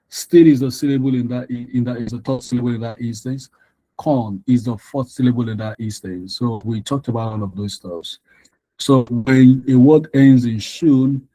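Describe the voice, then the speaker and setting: Working through answers on a shared screen, a male exam tutor runs an online prep session in a medium-pitched voice that is mellow and dark. Picked up on a computer mic, it sounds dry, close and low in quality. His explanations are patient, with repeated phrases, restarted sentences and plenty of ums.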